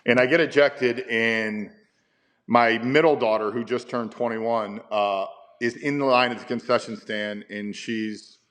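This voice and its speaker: A man's voice: mid-range voice, fairly even intonation, measured pace, a bit bright. A man in his fifties, a baseball manager, telling stories in a casual interview with rambling, stammering restarts and chuckles.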